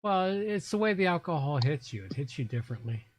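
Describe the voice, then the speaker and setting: A middle-aged man chats from his apartment as he hosts a livestream, a bit tipsy. He talks bluntly and swears casually in an unhurried drawl. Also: a little high, big pitch swings, no echo. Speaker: livestream host. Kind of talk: casual late-night chat. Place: home apartment.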